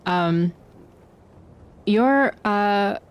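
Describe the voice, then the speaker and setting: A woman's voice: medium pitch, expressive, extremely slow, clean tone. A woman narrating as game master of a tabletop game, meandering with many ums and self-corrections.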